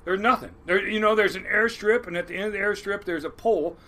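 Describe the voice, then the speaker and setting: Bright-voiced older fisherman spinning yarns. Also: high-pitched, quick pace. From Washington State, US. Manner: rambling yarn-spinner, salty and blunt. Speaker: crab boat captain, guest. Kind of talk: casual storytelling interview.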